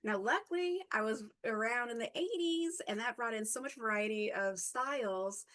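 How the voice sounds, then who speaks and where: A woman in her fifties telling a personal reflective story as a workshop speaker, halting, with frequent fillers, self-corrections and an occasional stutter. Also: a little high, fairly bright tone, low-quality recording.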